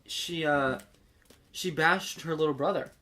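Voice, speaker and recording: A man's voice: on the high side, a little slow, pushed and bright. A man co-hosting a podcast, retelling scenes in casual, profane chat. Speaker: podcast co-host.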